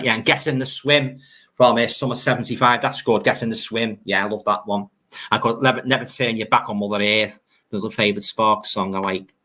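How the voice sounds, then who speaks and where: A man's voice: fairly low pitch, pushed and bright. An older man, hosting a live stream in a chatty, nostalgic way, reading out viewer comments and laughing easily.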